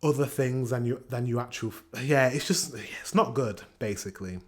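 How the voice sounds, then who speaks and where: A man's voice: medium pitch, normal speed. A man with a Northern English accent, hosting a reaction video and chatting casually about politeness with laughs and loose, rambling explanations. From north of England.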